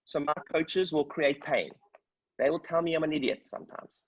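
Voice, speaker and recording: A man's voice: fairly high pitch, fairly even intonation, moderate pace, dull audio. A man coaching a group over a call, telling stories with energy and checking in with his listeners. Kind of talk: motivational talk on a group call. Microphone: video call.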